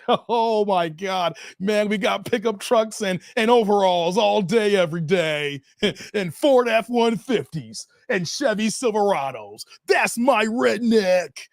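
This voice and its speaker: Man, high voice, lively swings in pitch, AAVE, ranting stream host. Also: a little slow, dry recording, clean studio sound. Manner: animated, swings between shouting and muttering, reads chat aloud. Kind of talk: ranting live-stream commentary.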